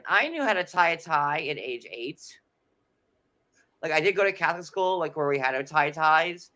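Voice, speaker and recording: A man's voice: fairly high pitch, bright, forceful tone. A man co-hosting a casual chat, sarcastic and rambling with many fillers. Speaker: podcast co-host.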